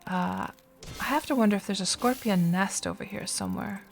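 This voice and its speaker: Faint music plays behind a woman live-streaming a game, her mid-range voice creaky and fairly quick. She chats loosely with viewers into a desk microphone, reacting to play between responses.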